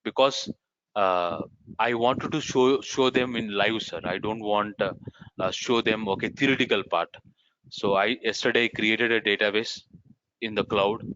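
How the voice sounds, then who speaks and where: A man instructor leads an online class, answering questions and sprinkling sir and ma'am through his sentences. His tone is bright and forceful. The call audio sounds dry and dull. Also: mid-range voice, no room sound. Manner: addresses students as sir and ma'am constantly. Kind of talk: live class Q&A. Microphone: video call. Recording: muffled online meeting audio.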